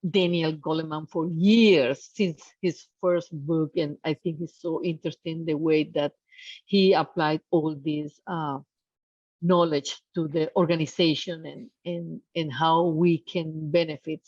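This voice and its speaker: A woman with another on a video call, speaking haltingly with many fillers about a leadership course. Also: low-pitched, fairly even intonation, darkish tone, no echo. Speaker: program participant. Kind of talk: casual testimonial on a video call. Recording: dry, dull video call audio.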